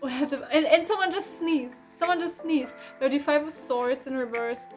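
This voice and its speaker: High-voiced chatty tarot reader, woman. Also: normal speed. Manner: chatty, rambling, with many fillers and self-corrections. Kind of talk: casual tarot reading. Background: faint instrumental music.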